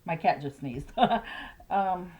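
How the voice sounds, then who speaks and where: A woman's voice: on the low side, slow. A middle-aged woman vlogging casually about her grief, rambling and hesitant, with nervous laughs. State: grieving. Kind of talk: casual personal vlog. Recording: slightly dull lo-fi audio.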